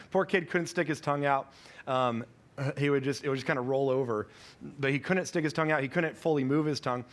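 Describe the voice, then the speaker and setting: A man in his thirties gives a sermon from the pulpit in a casual, storytelling way. His voice sits a little high for a man. He stumbles and restarts lines easily. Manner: conversational storytelling, self-correcting. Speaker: pastor.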